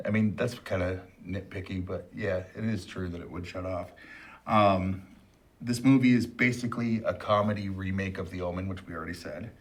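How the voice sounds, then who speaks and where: A man's voice: low-pitched, steady tone, moderate pace. A man co-hosting a movie review show, chatting casually and teasing his partner with dry sarcasm.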